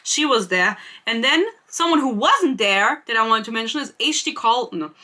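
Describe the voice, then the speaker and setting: A woman's voice: on the high side, lively intonation, moderate pace, sharp tone. A young woman hosting a casual book-gossip podcast, chatty and self-mocking, swearing freely. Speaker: podcast host. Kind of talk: casual chat.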